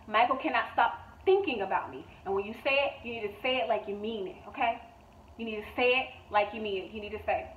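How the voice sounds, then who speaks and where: A woman's voice: fairly high pitch, a little fast, distant mic. Woman with a thin, echoey phone-like sound. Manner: emphatic, repetitive, blunt and profane. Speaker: manifestation coach. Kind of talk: motivational vlog monologue.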